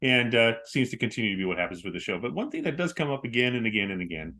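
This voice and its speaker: A man's voice: medium pitch, big pitch swings, very fast, pushed and bright. A man co-hosting a casual show, joking and enthusiastic as he chats with his wife. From Southern California. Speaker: co-host. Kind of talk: casual podcast chat.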